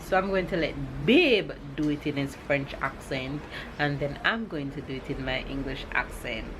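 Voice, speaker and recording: Jamaican lady vlogging, lowish voice, takes her time, noisy background. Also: lively intonation. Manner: laughs often, slow deliberate pronunciation. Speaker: vlogger host. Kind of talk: casual vlog chat.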